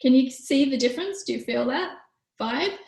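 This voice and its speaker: A woman's voice: expressive, moderate pace, creaky, darkish tone. Woman, 30s, parenting workshop teacher, chatty, acts out quotes, echoey room. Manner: chatty, acts out quoted lines in higher voices. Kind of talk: online workshop talk.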